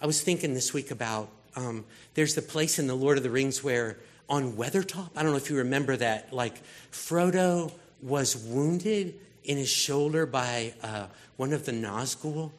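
A medium-pitched male pastor preaches at a moderate pace with hardly any pauses, keeping things casual and conversational. He tells stories in an animated way, acting out the voices as he retells them.

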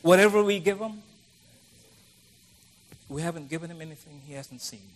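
A man's voice: on the high side, moderate pace, slight background noise. A middle-aged man preaching a conversational sermon, acting out the voices of the people he quotes.

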